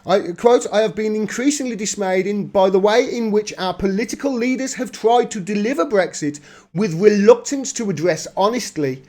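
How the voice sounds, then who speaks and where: A man reads political news aloud in a fairly high voice. He keeps stopping to mock what he reads with a laugh and a wry aside. It sounds like a host talking through a livestream. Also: moderate pace, a little mellow. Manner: mocking, laughs often, reads then riffs. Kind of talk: reading news aloud with sarcastic commentary.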